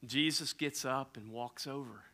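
A man's voice: mid-range voice, a little slow. A middle-aged man preaching a sermon as a pastor, retelling a story animatedly and dropping to near-whispers for effect. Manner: animated, swinging from loud emphasis to near-whispers.

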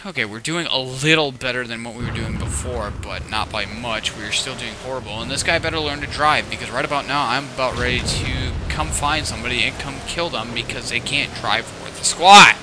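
A man's voice: mid-range voice, fairly quick, few pauses. A young man giving casual commentary over his own online match, often exclaiming in frustration at lag and other players. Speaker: gaming channel host. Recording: faint game noise behind voice.

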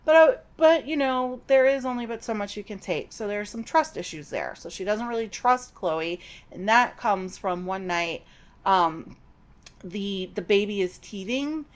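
A woman's voice: medium pitch, animated, a little slow. A middle-aged woman hosting a podcast, giving a chatty, digressive recap of a novel with personal asides. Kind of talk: casual book recap.

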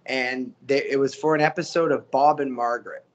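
A man, a voice actor telling stories as an interview guest, animated and slipping into character voices. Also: mid-range voice, fairly quick. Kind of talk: casual storytelling interview.

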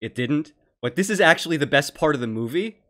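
A man hosting a live reaction show, commenting excitably and laughing along with a stream. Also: on the high side, brisk.

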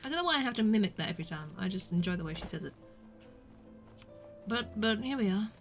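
A woman's voice: medium pitch, lively intonation, quick pace, faint music behind. A young woman from the UK chatting through a game as a streamer, joking at herself and squealing when she gets hit. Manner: chatty and self-mocking, with squeals when attacked. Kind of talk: casual gameplay commentary.

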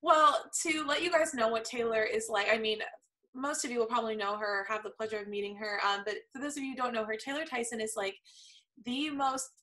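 This is a teenage woman from Florida hosting a casual interview show. She gushes about her guest in a chatty run of fillers and restarts. Her voice is bright and sits a little high. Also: fairly quick, low-quality recording. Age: teens. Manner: gushing, chatty, lots of fillers. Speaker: podcast host.

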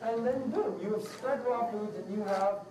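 A woman's voice: on the high side, normal speed, warm tone, slight background noise. A woman giving a casual, rambling talk to a live class, upbeat, laughing often and acting out quotes. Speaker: raw food class instructor. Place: room with a live audience. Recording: echoey room, mic far off.

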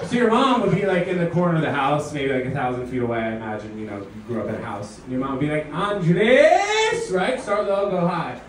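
A young man doing a stand-up comedy set at a house party, animated and slipping into mock voices of his mom and friends. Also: medium pitch, quick pace, hardly any pauses, a little hiss or hum. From New York. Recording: echoey room, from a distance.

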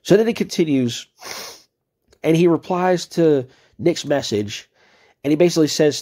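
Ranting, profane man with a mellow voice. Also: on the high side, moderate pace, long pauses. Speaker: video creator. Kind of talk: angry commentary on read-out chat messages.

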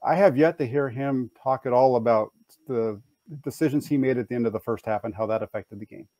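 A man on a sports talk panel, thoughtful and a little halting. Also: mid-range voice, mellow, no room sound.

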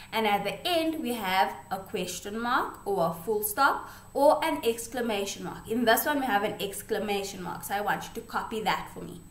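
A woman teaching a grade one home lesson, patient and sing-song, asking young children simple questions and answering them herself. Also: fairly high pitch. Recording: echoey room.

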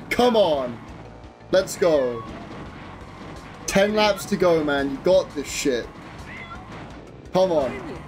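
A young man commentating his own live game stream, excitable, swearing and chatting to viewers over game music. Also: on the high side.

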